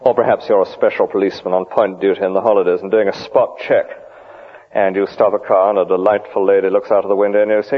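Preacher on a tinny old broadcast. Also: male voice, on the low side, flat delivery, fast talker. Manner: rhetorical, vivid emphasis, dry humour. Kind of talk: sermon.

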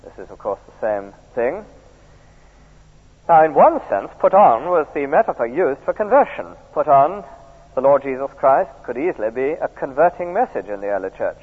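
Husky preacher, tinny echoey recording. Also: male voice, mid-range voice, very animated, normal speed. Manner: keeps drawing in listeners with tag questions. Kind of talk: sermon. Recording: tinny archive recording in a reverberant church.

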